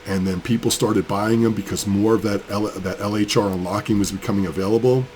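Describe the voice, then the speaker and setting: A low-voiced man rants angrily in a casual vlog, rambling as he works. He sounds sick with a cold. A faint hiss of room noise sits behind him. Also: fairly even intonation, brisk, darkish tone. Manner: angry, fired up, rambling. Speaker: crypto mining channel host. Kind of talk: casual building vlog rant.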